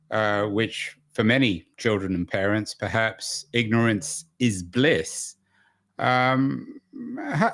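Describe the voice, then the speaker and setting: A man hosting an interview, asking probing questions and thinking out loud as he asks them. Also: on the low side. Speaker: podcast host.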